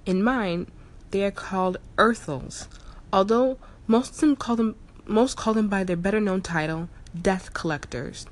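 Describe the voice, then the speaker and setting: A woman voicing a huge, aloof male cat-like spirit messenger who speaks in calm, cryptic pronouncements, for an audiobook story. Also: mid-range voice, unhurried, lightly acted.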